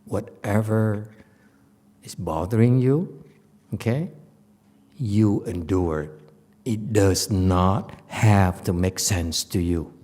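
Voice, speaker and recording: In a meditation center hall, a male Buddhist teacher gives an informal Dharma lecture in a lowish, warm voice. He takes it slowly and pauses often, speaking bluntly and scolding, repeating words for emphasis.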